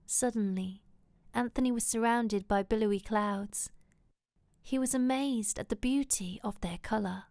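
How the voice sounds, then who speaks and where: Female reader, intimate half-whispered romance narration, unhurried, dry. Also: fairly high pitch, darkish tone, no room sound. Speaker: audiobook reader. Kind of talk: romance novel reading.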